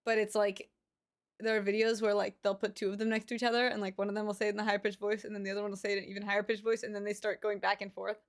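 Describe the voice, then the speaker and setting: A woman's voice: medium pitch, flat delivery, racing. A woman livestreamer chatting casually with her viewers while reacting to pet videos, rambling with lots of fillers and cooing over the animals.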